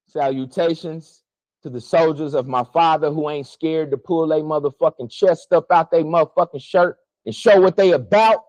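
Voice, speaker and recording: A man delivering a heated, profane spiritual monologue to his viewers, preachy and emotional while fasting, his pitch swinging widely. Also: darkish tone, no echo, poor audio. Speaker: spiritual vlogger.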